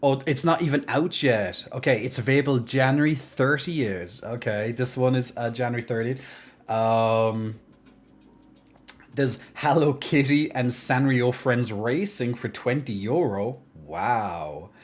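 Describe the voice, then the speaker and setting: A man's voice: medium pitch, measured pace. Rambling, chatty young male streamer. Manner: rambling, chatty, restarts sentences often. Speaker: game streamer. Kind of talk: casual live-stream chat.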